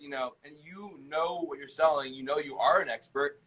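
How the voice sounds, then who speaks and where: A man's voice: fairly high pitch, fairly quick, a bit bright, slightly rough. A man hosting a podcast, reflective and a bit hesitant, echoing and summing up his guest's points. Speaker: podcast host. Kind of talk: casual podcast chat.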